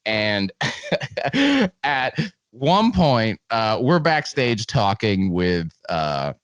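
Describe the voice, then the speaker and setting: A man guest telling lively stories over a remote podcast call, laughing often and swearing freely. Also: fairly low pitch, slow pace, clean tone, no room sound. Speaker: podcast guest, comedian and video reviewer. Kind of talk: casual storytelling chat.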